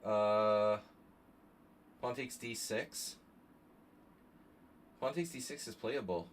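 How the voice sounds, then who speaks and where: A man's voice: fairly low pitch, slow, a little hiss or hum. Man muttering chess moves aloud. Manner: thinks aloud, mutters moves, chats with viewers. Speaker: chess streamer. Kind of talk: live stream commentary while playing blitz chess.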